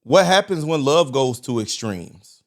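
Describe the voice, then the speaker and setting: Man, podcast co-host, measured, mid pitch, steers the talk. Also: expressive. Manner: measured, guides the discussion. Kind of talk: casual conversation.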